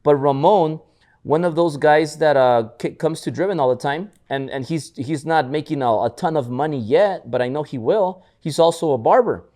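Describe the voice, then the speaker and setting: Speaking at a normal pace with a fairly high pitch, a male podcast co-host shares stories during laid-back motivational talk. His delivery is animated, full of repeated restarts and acted-out lines from others.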